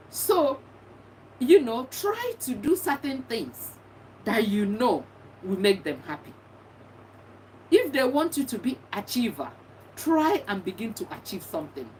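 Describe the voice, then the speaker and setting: A woman's voice: a little high, sing-song, a little slow, long pauses, a little mellow. A middle-aged woman, a bereaved mother, giving earnest and encouraging advice, often repeating herself. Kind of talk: personal testimony talk. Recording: distant mic with faint background noise.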